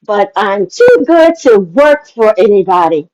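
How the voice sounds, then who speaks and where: A woman's voice: medium pitch, very animated, measured pace, few pauses, a little mellow, poor audio. Older woman scolding condescendingly. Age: 70s. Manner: scolding, condescending, talks over others. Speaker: livestream panel guest. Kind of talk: heated livestream argument.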